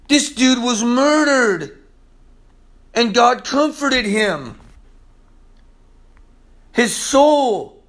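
A man preaching a sermon in a casual, slangy way, swinging from loud emphasis to hushed asides. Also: very high voice.

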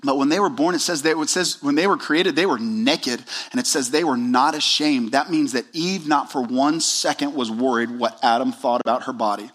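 An earnest male pastor preaching a sermon. He leans on key words and stretches them out slowly. His voice sits at a middle pitch for a man. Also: fairly bright tone.

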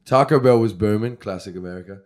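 A man's voice: lowish voice, fast, darkish tone. An Australian man, a guest musician, telling stories in casual podcast chat, laughing and swearing freely.

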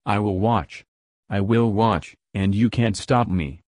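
A man's voice: fairly low pitch, slow pace, a little mellow, dry recording, studio quality. A man voicing a boastful, rude male owl in a storybook legend, reading his lines in a defiant way.

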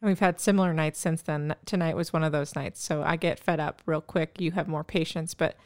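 A woman in her thirties co-hosting a casual podcast chat, expressive and quick to laugh. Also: low voice, no echo, studio quality. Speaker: podcast co-host.

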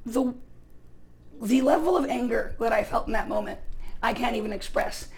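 A male pastor from the United States preaching a sermon in a casual, chatty storytelling way, full of fillers, with bursts of loud emphasis. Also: very high voice, moderate pace, rough recording.

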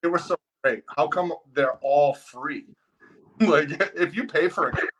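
A man's voice: on the high side, measured pace, a bit bright, lo-fi sound. Profane, ranting man in casual chat.

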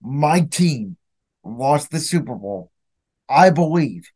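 A man's voice: fairly high pitch, animated, slow pace, a little mellow, husky. A young man hosting his own podcast, ranting with bitter, emphatic anger about his team's defeat. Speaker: podcast host. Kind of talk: solo sports reaction podcast.

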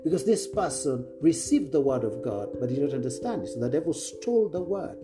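Male preacher, emphatic, repeats phrases, very animated pitch, guitar playing underneath. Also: a little fast. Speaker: preacher, apostle. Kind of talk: sermon to an online audience. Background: guitar music.

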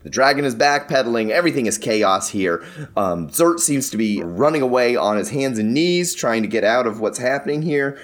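A man's voice: mid-range voice, animated, normal speed. A man running a tabletop game as game master, narrating scenes vividly and laughing with the players.

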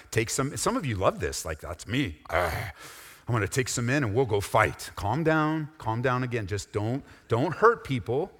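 A man preaching a sermon as a pastor, animated, acting out squabbling voices and dropping into soft, intense asides. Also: mid-range voice. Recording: reverberant hall.

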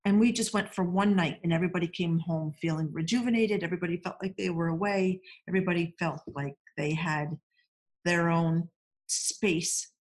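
Chatty woman with a lowish voice. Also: steady tone, normal speed. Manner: chatty storyteller, warm laughs, many restarts. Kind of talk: casual chat.

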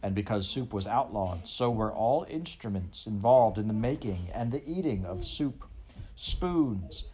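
A man's voice: on the low side, animated, warm tone, a little hiss or hum. Man reading a children's novel aloud. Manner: addresses the listener directly, measured storyteller. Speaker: audiobook narrator.

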